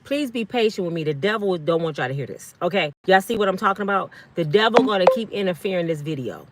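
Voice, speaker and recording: A woman's voice: on the low side, lively intonation, fast, a little hiss or hum. A middle-aged woman telling a personal story to her live-stream viewers in an earnest, pleading way, often repeating herself. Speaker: vlog host.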